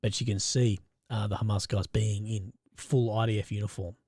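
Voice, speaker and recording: A man's voice: lowish voice, fairly even intonation, moderate pace, a little mellow, slightly rough, dry recording, clean studio sound. A man, hosting a live stream and giving loose, conversational commentary while reading viewer chat, often swearing and restarting his sentences. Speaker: independent reporter and live-stream host.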